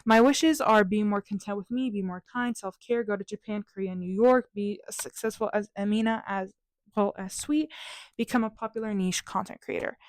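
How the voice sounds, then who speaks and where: A woman's voice: medium pitch, normal speed, no room sound. A young woman vlogger talking casually and upbeat through her journal pages, with a chatty, self-mocking manner.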